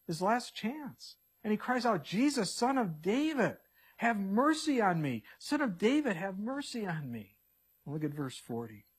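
A male pastor preaching an expository sermon, animated and acting out the story characters in quick voices. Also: high-pitched, slightly rough.

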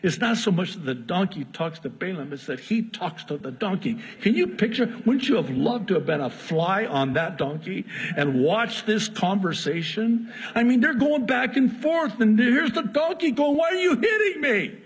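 A man preaching a sermon, telling a story in a lively, joking way with asides. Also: sits high, moderate pace, slightly rough. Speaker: pastor. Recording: long hall reverb.

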